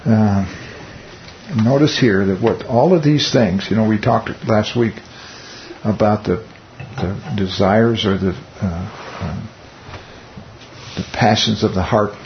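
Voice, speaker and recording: A man's voice: lowish voice, slow, long pauses. Guy teaching bible study, chatty, lots of rhetorical questions and wry jokes, kinda muffled recording w faint hiss.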